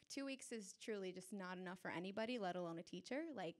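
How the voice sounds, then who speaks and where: A young adult woman telling a personal story on stage before a live audience, animated and chatty, often laughing. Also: medium pitch, brisk, clear, resonant tone.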